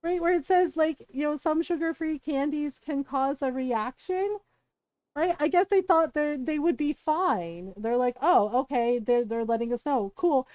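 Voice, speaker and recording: A woman's voice: high-pitched, unhurried, a little mellow, no echo. A woman streamer chatting casually while gaming, animatedly retelling a story, acting out quotes and laughing often.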